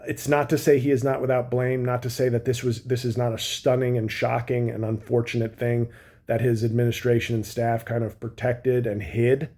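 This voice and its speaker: A man, a comedian, delivering a sarcastic political commentary rant with mocking asides and animated bursts of emphasis. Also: medium pitch, normal speed.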